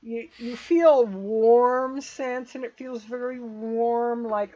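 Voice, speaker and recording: A woman narrating a tabletop game as game master, describing scenes in detail and pausing to check the rules. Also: fairly high pitch, dark tone, lo-fi sound.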